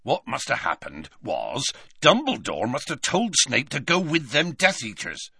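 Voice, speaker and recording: A man voicing a huge, hairy gamekeeper with rough, folksy speech in a storybook reading. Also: medium pitch, huge pitch swings, normal speed, sharp tone, voice pushed up, exaggerated voice. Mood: confident. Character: huge hairy male gamekeeper, gruff and kindly.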